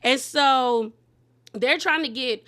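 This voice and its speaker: A woman hosting a reality TV recap, talking in a casual, animated and opinionated way with slangy, sassy asides. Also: high-pitched, slow pace. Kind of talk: casual gossip recap commentary.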